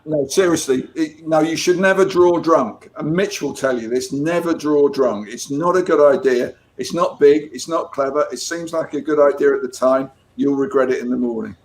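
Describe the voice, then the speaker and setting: A man's voice: on the high side, moderate pace, hardly any pauses. A man, a comics artist chatting casually as an interview guest, with many restarts. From England. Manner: chatty storyteller with frequent restarts.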